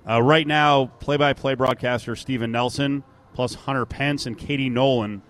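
A man's voice: medium pitch, steady tone, normal speed, a bit bright. Man co-hosting a sports talk show. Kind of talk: casual sports radio chat.

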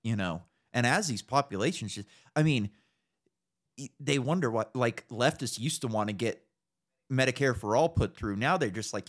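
A man's voice: mid-range voice, moderate pace. A young man hosting a podcast, ranting casually about politics with lots of swearing and mocking impressions. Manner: profane, animated, mocking impressions. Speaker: podcast host.

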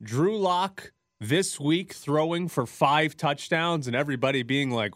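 A man's voice: a little high, unhurried, fairly bright tone, dry recording. A man co-hosting a sports radio show in a studio, teasing and arguing his predictions firmly. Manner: teasing, argumentative, firm predictions. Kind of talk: casual sports talk. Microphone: studio microphone.

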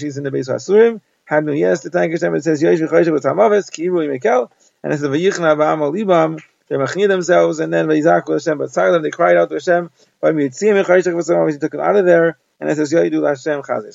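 Guy running thru a talmud page summary super fast, very gravelly voice, verses then quick english explanation, dull lo-fi sound. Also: a little high, a little mellow, no room sound. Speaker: Talmud teacher.

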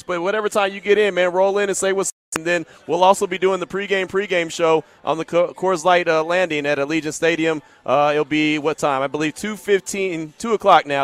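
A man's voice: fairly high pitch, a bit bright. A man hosting a sports talk radio show, chatting casually and upbeat with callers and guests from the studio. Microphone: studio microphone.

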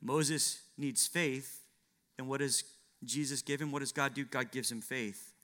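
A man's voice: mid-range voice, steady tone, a little slow, sharp tone. A man preaching a sermon, acting out biblical dialogue with dramatic shifts and asking rhetorical questions.

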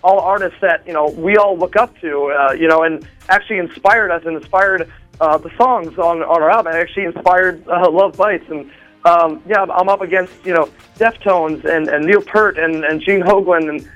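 A man, a drummer, chatting excitedly on a phone line with a radio show, rambling with many fillers and restarts. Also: high voice, moderate pace, faint music behind. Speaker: drummer interviewed as a guest. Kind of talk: excited phone interview chat.

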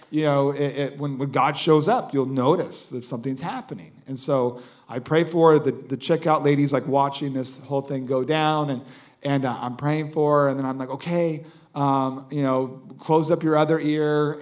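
Man, guest preacher, animated storytelling, slightly high voice, acts out the dialogue. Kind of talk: sermon storytelling.

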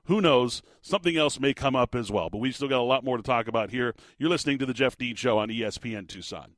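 A man's voice: medium pitch, fast talker, fairly bright tone. A man hosting a sports talk radio show, giving his opinions in a casual, conversational way with frequent fillers. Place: radio studio. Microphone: studio microphone.

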